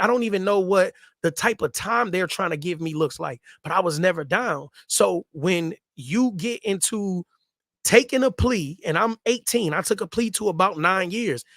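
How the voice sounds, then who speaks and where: A man with a high-pitched voice tells a story from his own life in relaxed street slang. He circles back and repeats lines for emphasis. The sound is dry and close, with no room echo. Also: moderate pace. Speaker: host telling his story. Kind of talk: casual storytelling.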